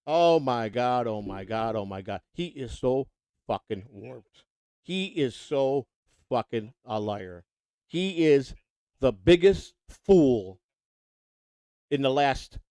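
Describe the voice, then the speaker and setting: A man's voice: medium pitch, a little mellow, dry recording. A man hosting a livestream, ranting angrily and mocking someone with lots of swearing. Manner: angry, mocking, repetitive. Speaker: livestream host. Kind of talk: profane livestream rant.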